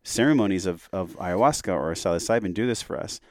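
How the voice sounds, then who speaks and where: A man's voice: low voice, animated, quick pace, a little mellow. A man speaking as a podcast guest, telling a personal story in an earnest, heartfelt, reflective way.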